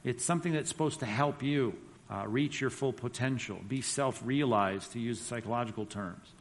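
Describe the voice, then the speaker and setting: Speaking at a moderate pace in a mid-range voice, this man teaches a church class from slides as a Bible teacher. His delivery is conversational and emphatic, with quotes read aloud, all echoing in the long reverb of a hall.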